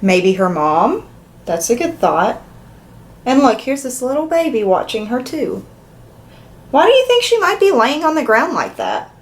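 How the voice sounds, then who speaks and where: A woman's voice: fairly high pitch, unhurried. A woman reading a picture book aloud to young children, asking them questions as she goes. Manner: animated, asks the young listeners questions. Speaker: children's story reader. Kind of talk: interactive read-aloud for children.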